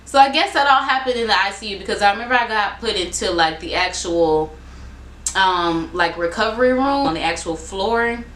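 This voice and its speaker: A woman's voice: mid-range voice, normal speed. Young woman vlogger, casual rambling storyteller, acts out quotes, echoey home room. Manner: rambling, animated retelling with many fillers and acted-out quotes. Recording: echoey room with faint background noise.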